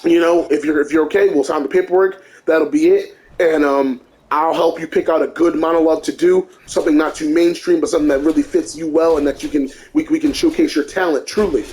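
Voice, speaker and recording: A man voicing a loud, flattering older Italian-American talent agent who repeats himself as he makes his pitch. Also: a little fast, few pauses, lightly acted. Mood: persuasive.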